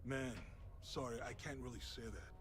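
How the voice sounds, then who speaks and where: A man's voice: mid-range voice, moderate pace, natural voice. An actor playing a laid-back young male shop clerk who talks in casual slang. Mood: gossipy.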